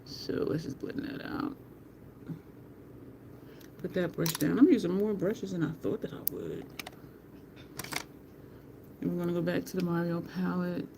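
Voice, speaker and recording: A woman's voice: fairly low pitch, steady tone, unhurried, creaky, long pauses, background noise. A middle-aged woman, chatting and laughing with her viewers as she does her makeup live. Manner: chatty, laughs often, greets viewers by name. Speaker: makeup livestream host. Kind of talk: casual livestream chat while doing makeup.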